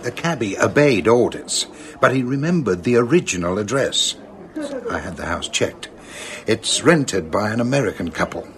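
A man playing a brisk police inspector. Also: on the low side, animated, noisy background, lightly acted. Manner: brisk, matter-of-fact. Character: brisk male Scotland Yard inspector. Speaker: police detective. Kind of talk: radio drama acting.

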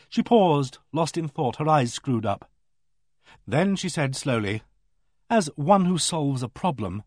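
A man narrating a novel in the first person with a measured, expressive reading. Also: medium pitch, breathy edge, no echo, clean studio sound. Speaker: audiobook narrator.

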